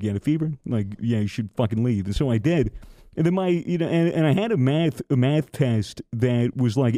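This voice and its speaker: A man's voice: medium pitch, mellow, no room sound, clean studio sound. A young man, a podcast host, telling a rambling, profane story in casual chat with lots of restarts.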